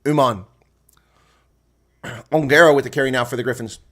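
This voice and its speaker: Man, mid-range voice, solo live rugby reaction caller, excitable and chatty. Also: mid-range voice, fast. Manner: excitable, exclaiming, chatty asides to viewers. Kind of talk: live reaction play-by-play commentary.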